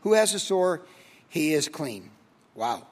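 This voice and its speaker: A man's voice: on the high side, very animated, slow pace. A man teaching verse by verse as a pastor, reading scripture and then talking it through casually with fillers and rhetorical questions. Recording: long hall reverb.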